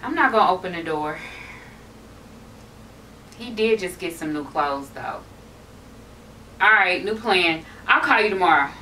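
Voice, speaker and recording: A woman's voice: on the low side, animated, measured pace, long pauses, sharp tone, a little hiss or hum. A woman acting in a comedic drama, talking in a sassy, exasperated way. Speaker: actress in a short film. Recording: distant mic with music bed.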